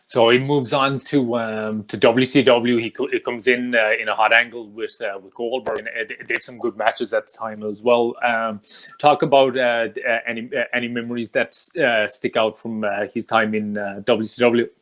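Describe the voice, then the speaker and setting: A man hosting an interview, asking questions in a halting way full of "uh" and "um". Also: mid-range voice, flat delivery, fairly bright tone. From Ireland. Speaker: podcast host. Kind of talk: casual interview.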